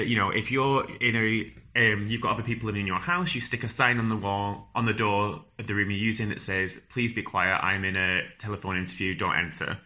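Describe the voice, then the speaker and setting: A man's voice: lowish voice, bright, forceful tone. A man with a strong northern English accent giving direct, earnest advice on phone interviews, with frequent fillers and restarts. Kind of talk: advice talk to camera.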